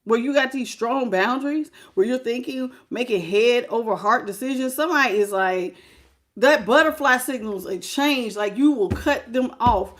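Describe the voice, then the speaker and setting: A woman, giving a lively, sassy live tarot reading straight to the viewer. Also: fairly high pitch, normal speed. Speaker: tarot reader.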